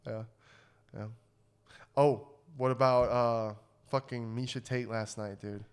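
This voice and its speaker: A man's voice: medium pitch, fairly even intonation, slow pace, clear, resonant tone. A young man co-hosting a podcast in casual chat, fired-up and swearing freely as he rants. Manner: profane, fired-up ranting. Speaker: podcast co-host.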